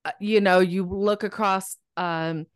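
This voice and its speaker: A woman of middle pitch talks with a lively storyteller's energy, slipping into little voices for the people she quotes and laughing between thoughts. The sound is close and dry, with no room around her. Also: unhurried, clean tone, no room sound. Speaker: guest author. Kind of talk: casual podcast interview.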